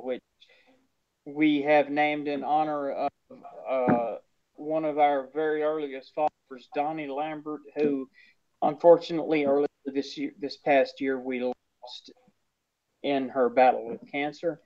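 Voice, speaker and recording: A man's voice: on the high side, level tone, measured pace, a little mellow. A man co-hosting a casual sports podcast, announcing upcoming show details with self-mocking jokes. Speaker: podcast co-host. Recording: dull lo-fi sound.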